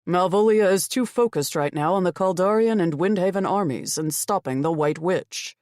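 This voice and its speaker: A woman's voice: fairly low pitch, moderate pace, a little mellow, no echo, pitched above the performer's own voice, close to an everyday voice. Curt, icy winged fae man voiced by a woman narrator, dry close audiobook sound. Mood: cold. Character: cold arrogant male winged fae warrior. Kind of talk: audiobook character voice.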